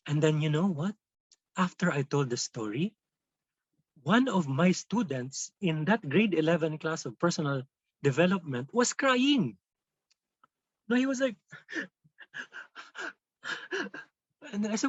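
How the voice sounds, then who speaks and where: A man with a Filipino accent telling stories in an animated way while training teachers in a webinar, switching between English and Tagalog. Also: a little high, unhurried, pauses often, dry recording. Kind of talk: webinar storytelling lesson. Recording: dull dry lo-fi webinar audio.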